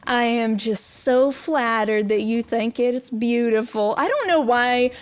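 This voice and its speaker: A young woman hosts a casual game stream and chats to her viewers in a goofy, self-mocking way. Her voice sits a little high, and she talks at an unhurried pace. She giggles often and laughs at herself. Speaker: VTuber streamer.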